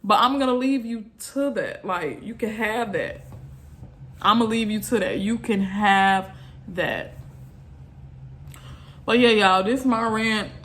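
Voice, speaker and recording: A woman's voice: mid-range voice, slow, pauses often, fairly bright tone. A woman vlogger, venting bluntly and repeating herself in an exasperated rant to her viewers.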